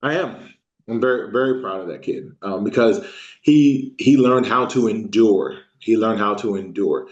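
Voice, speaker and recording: A man, an Army veteran, recalling his service in an oral history interview, halting with frequent ums and restarts. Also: fairly low pitch, a little mellow. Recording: echoey room, dull lo-fi sound.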